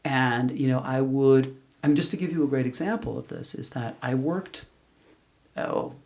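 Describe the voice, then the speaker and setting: Gravelly middle-aged man telling stories. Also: medium pitch, normal speed, a little mellow. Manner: candid, rambling, frequent restarts and fillers. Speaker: interview guest. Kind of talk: casual conversational storytelling.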